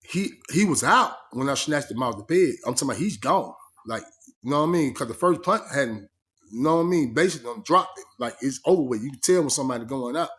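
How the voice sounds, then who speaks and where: A man's voice: medium pitch, animated, fast talker, a bit bright. A man telling a story in casual first person, emphatic and streetwise, often asking "you know what I mean". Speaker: vlogger.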